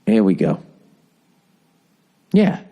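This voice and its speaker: A man's voice: lowish voice, wildly swooping pitch, drawn-out words, creaky, lo-fi sound. A middle-aged man hosting a podcast, riffing in a profane, sarcastic, rambling monologue. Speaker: podcast host.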